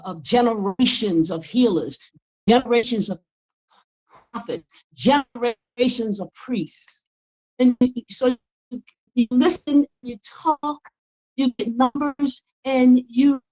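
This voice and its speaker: A woman's voice: on the high side, low-quality recording. An older woman, a guest in a casual interview, talking earnestly and often repeating words as she builds her point. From United States. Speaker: guest author.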